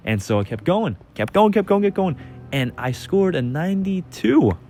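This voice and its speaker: A young man telling a casual personal story over gameplay, excitable and rambling, often repeating his phrases. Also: medium pitch, moderate pace, soft background music. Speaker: channel host.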